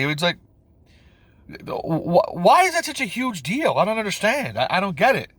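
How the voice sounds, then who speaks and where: A man's voice: very animated, normal speed, fairly bright tone, no room sound. A man ranting about a film on his channel, rambling and repeating himself, stumbling over words, his voice jumping up when he's exasperated. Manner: incredulous, pitch jumps when exasperated. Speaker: video commentator.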